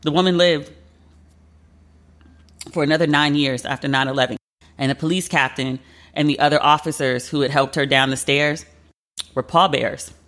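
A woman's voice: low-pitched, steady tone, moderate pace, long pauses, fairly bright tone. A woman hosting a podcast, retelling a story in a chatty, emotional way with lots of fillers. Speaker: podcast host. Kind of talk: casual solo podcast storytelling.

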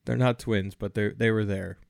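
A man's voice: fairly low pitch, fairly even intonation, moderate pace, gravelly, crowd noise. A man hosting a casual film podcast, recapping the plot with light jokes. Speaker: podcast host.

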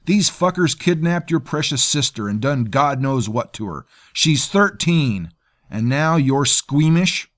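A man's voice: mid-range voice, animated, normal speed, dry recording, clean studio sound, voice pushed up, natural voice. A man putting on a sneering hired thug. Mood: taunting. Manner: sneering, taunting. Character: coarse, sneering male mercenary.

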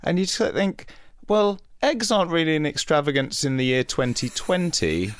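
A man's voice: on the high side, lively intonation, normal speed. A man hosting a podcast in a casual, rambling interview chat. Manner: chatty, rambling asides. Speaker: podcast host.

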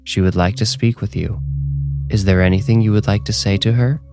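A man doing a calm mystical fortune-teller woman. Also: fairly low pitch, natural voice. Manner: soothing, measured, mystical.

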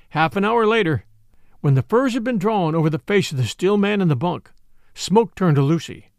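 A man's voice: high-pitched, animated, normal speed, dry recording, clean studio sound. A man narrating an adventure story as host and storyteller, in a dramatic audiobook reading. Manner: dramatic audiobook reading, voicing each character. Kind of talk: scripted narration.

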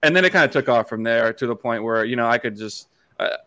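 Chatty late-20s guy from Massachusetts, rapid delivery, dry close mic. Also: mid-range voice, expressive, sharp tone, no room sound. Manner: rapid, chatty, many restarts. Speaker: podcast producer, guest. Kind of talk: casual storytelling chat.

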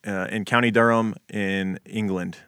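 A man's voice: on the low side, fairly even intonation, a little slow, bright, forceful tone, clear, resonant tone, dry recording. A man co-hosting a podcast in casual chat, rambling and laid-back, with lots of fillers. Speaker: podcast co-host.

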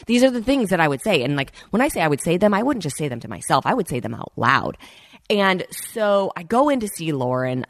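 Chatty woman podcast host, low voice. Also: no echo. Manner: chatty, addresses listeners as "you guys". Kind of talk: casual storytelling to listeners.

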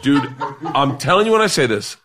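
A middle-aged man spins a rowdy, profane story in a loose podcast chat. His pitch swings widely as he acts out other people's lines and laughs through the telling. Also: brisk. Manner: animated, swearing, laughing storyteller acting out quotes. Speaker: comedian guest.

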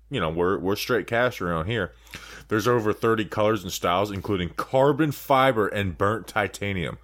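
Low-voiced man riffing through an ad. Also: a bit bright. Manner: loose, jokey ad-libbing. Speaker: podcast host. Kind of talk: casual podcast chat and ad read.

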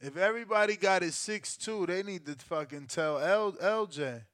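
A man hosting a live stream, reacting to a fight with loud, profane exclamations. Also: high-pitched, moderate pace. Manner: excitable, profane, shouts and exclaims.

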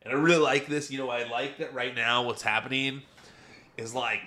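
A man's voice: medium pitch, steady tone, normal speed, pushed and bright. A young adult man hosting a podcast, giving a chatty, casual recap of a wrestling show and laughing often as he tells it. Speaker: podcast host.

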